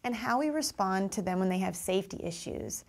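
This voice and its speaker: A woman's voice: medium pitch, animated, a little fast. A woman teaching parents and teachers how to respond to children, acting out kids' voices and adult replies. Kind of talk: instructional talk to parents and teachers.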